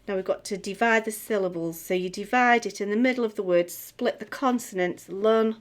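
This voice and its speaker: A middle-aged woman teaching music theory, chatting as she writes and sounding out words slowly. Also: mid-range voice. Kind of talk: tutorial, talking while writing.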